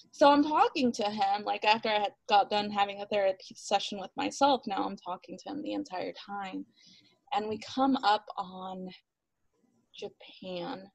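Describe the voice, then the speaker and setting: A talkative woman tells her story as a podcast guest. Her voice has a gravelly fry at the ends of lines, and she laughs often and acts out what people said. The sound is dry and close. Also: mid-range voice, normal speed, no echo, rough recording. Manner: animated, laughs often, acts out quotes, many "like" fillers. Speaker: interview guest, runner. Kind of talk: casual storytelling interview.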